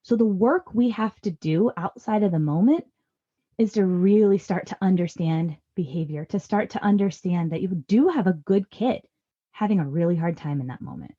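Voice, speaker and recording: Warm-toned woman giving parenting advice. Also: lowish voice, lively intonation, normal speed, muffled recording. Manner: earnest and reassuring, acts out parent lines softly. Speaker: parenting guest expert. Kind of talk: conversational podcast advice.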